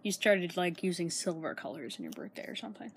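A woman's voice: fairly low pitch, big pitch swings, fast talker, husky. A young woman chatting casually as a podcast co-host, laughing often and sometimes losing her thread. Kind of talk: casual chat.

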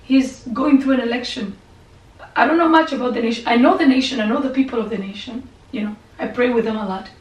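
A woman pastor preaching and praying, impassioned and repetitive, sometimes falling to a soft whisper. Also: a little high, quick pace, dull audio. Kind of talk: sermon and prayer. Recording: echoey room, voice from a distance, faint background hum.

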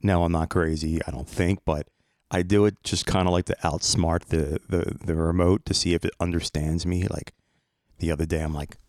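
Low-voiced man, rambling podcast host. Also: a little mellow, dry recording, studio quality. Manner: rambling, playful, self-mocking. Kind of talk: casual solo podcast monologue.

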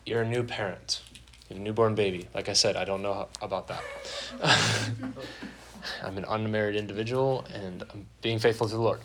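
A man's voice: mid-range voice, a bit bright. Young male preacher, easygoing sermon delivery, plays out quotes for laughs, church setting. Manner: conversational, joking preaching with acted-out quotes. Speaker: pastor. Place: church sanctuary.

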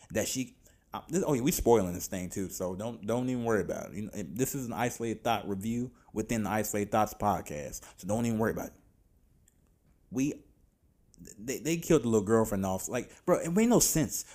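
A man hosting a podcast, giving a casual, animated film review full of slang and exasperated swearing. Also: fairly low pitch. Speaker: podcast host reviewing films.

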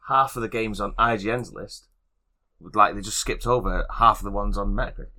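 A man's voice: fairly low pitch, steady tone, a little fast, sharp tone. A man co-hosting a comedy podcast, laid-back with offhand remarks. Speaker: podcast co-host. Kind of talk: improvised comedy podcast chat.

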